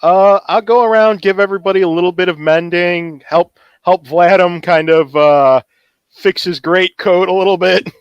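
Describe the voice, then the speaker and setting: A man chatting as a player in a tabletop game, joking and quick to react. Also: high-pitched, clear, resonant tone, dry recording, highs cut off. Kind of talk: casual chat.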